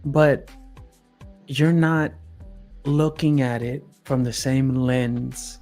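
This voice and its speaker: A man's voice: medium pitch, steady tone, extremely slow, darkish tone, soft background music. A man hosting a podcast in casual chat, earnest and repeating words for emphasis. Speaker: podcast host.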